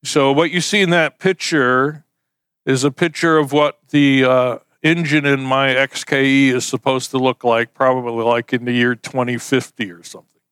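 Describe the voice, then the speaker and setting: A man's voice: medium pitch, level tone, normal speed, a bit bright, smooth, dry recording. A man preaching a sermon in a conversational, folksy way, using homespun illustrations. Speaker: pastor.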